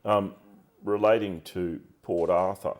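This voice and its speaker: A man with a very low voice hosts an interview. He speaks in careful, well-chosen phrases, laying out his points deliberately. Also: steady tone, darkish tone. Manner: measured, deliberate, articulate. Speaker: interviewer, show host. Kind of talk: interview questions and commentary.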